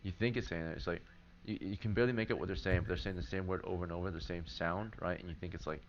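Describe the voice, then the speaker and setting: A man's voice: sits low, fairly even intonation, fast talker. A man running a tabletop game as game master, narrating loosely with lots of fillers and "right?" check-ins to his players. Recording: dull lo-fi stream audio with faint hiss.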